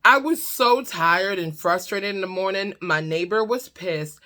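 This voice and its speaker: A woman vlogger telling a comedic story in a casual, animated, exasperated way, swearing freely. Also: medium pitch, a little slow.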